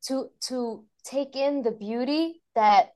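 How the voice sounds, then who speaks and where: A woman's voice: sits high, slow pace, mellow. A woman guest on a podcast, talking reflectively and emotionally about teaching mindfulness to children, laughing often. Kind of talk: conversational interview.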